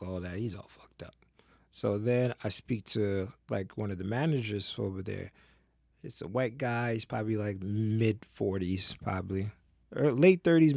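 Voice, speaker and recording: A man with a gravelly voice at medium pitch tells a story on a podcast. He is casual and profane and acts out each person in his tale. The sound is dry and close to the mic. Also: dry recording. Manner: animated, profane, acts out the people in his stories. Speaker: podcast guest.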